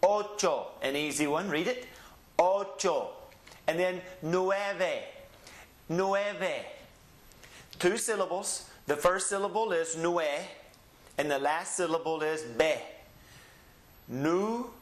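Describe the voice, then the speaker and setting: A man's voice: sits high, echoey room. A man with a Southeast Texas accent teaching a Spanish lesson, drawing out each word and having learners repeat after him. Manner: slow, drawn-out enunciation with call-and-repeat drills. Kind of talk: classroom-style language lesson.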